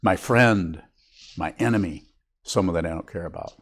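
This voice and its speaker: Low-voiced older man giving a dharma talk. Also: moderate pace, breathy edge. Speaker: Buddhist teacher. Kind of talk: dharma talk to a meditation group.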